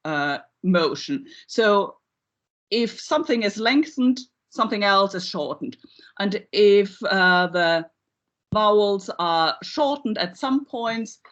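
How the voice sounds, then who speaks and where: A woman giving a university lecture in a measured way, with frequent ums and uhs. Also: mid-range voice, fairly bright tone. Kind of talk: academic lecture. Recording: slightly dull lo-fi recording.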